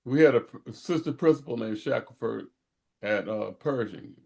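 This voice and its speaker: An older man, a podcast co-host, chatting casually in a halting way full of restarts. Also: mid-range voice, vocal fry, darkish tone. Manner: halting, many restarts and fillers. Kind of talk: casual chat.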